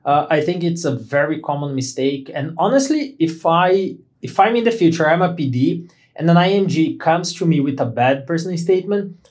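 A man, a physician hosting a podcast in animated, joking casual conversation. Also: on the high side. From Brazil. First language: Portuguese. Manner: animated, joking, quick bursts of speech.

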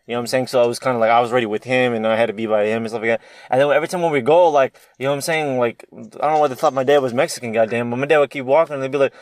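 A man's voice: mid-range voice, fairly even intonation, racing, dry recording. A young man in casual chat with friends, rambling with lots of restarts and fillers.

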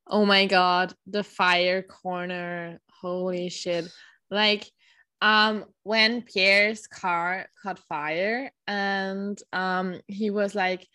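A woman co-hosting a podcast in casual chat, unhurried with many fillers and casual swearing, close to the mic. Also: mid-range voice, fairly even intonation, sharp tone, clean tone, no echo. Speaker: podcast co-host.

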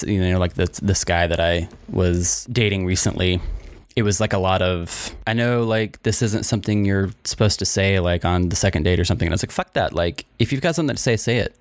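Deep-voiced man in dry casual chat. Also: no room sound. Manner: open, rambling, frequent "like" fillers.

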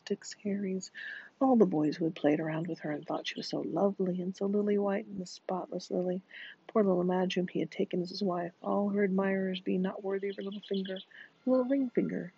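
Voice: mid-range voice, fairly even intonation, brisk, vocal fry, mellow, a little hiss or hum. A narrator reading a novel aloud in a dramatic way, often dropping into whispers, in a dull lo-fi recording. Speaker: audiobook narrator.

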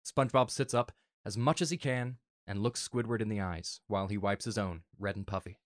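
A man earnestly reading a fan story aloud in a soft, emotional way. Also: on the low side, brisk, dry recording, clean studio sound. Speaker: narrator.

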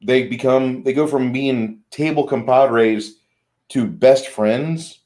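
A man's voice: mid-range voice, slow, a little mellow. A man co-hosting a casual chat about tabletop games, blunt and rambling, swearing freely as he talks. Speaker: game master, podcast co-host.

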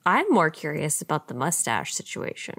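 A woman's voice: low-pitched, big pitch swings, normal speed, fairly bright tone, no echo, clean studio sound. A woman co-hosting a podcast, chatting casually and reading the news in a playful way, often laughing. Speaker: podcast co-host.

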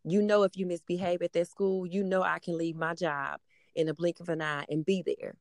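A mother in her thirties with a middle-school daughter chats casually, rambling and using lots of fillers. Her lowish voice stays fairly flat in pitch and moves quickly. The studio recording is clean, with no room sound.

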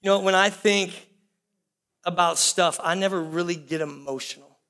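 A man's voice: sits high, normal speed, fairly bright tone. A man preaching a sermon, talking conversationally and addressing the congregation directly with repeated phrases. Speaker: pastor.

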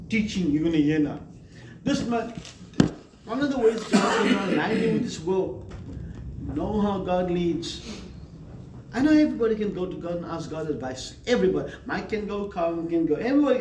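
A man's voice: sits high, a little mellow, a little hiss or hum. A man preaching a sermon emphatically, calling on the congregation for amens. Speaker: pastor. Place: church hall. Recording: echoey hall from far off.

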